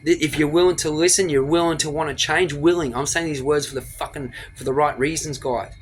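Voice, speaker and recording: A man's voice: fairly high pitch, steady tone, slight background noise. A man giving a blunt, profane motivational rant straight into his phone camera. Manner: blunt, profane, rapid-fire lecturing. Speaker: motivational vlogger.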